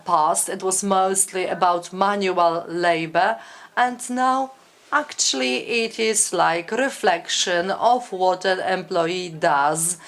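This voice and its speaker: Slow, measured woman interpreting. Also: on the low side. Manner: measured, with frequent hesitations. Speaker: conference interpreter. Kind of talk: simultaneous interpretation of academic talks.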